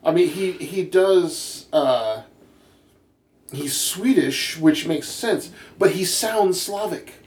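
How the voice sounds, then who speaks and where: A man's voice: fairly high pitch, lively intonation, slow pace, darkish tone. A man chatting casually on a podcast, laughing often and restarting his sentences. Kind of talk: casual chat. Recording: roomy echo, faint background noise.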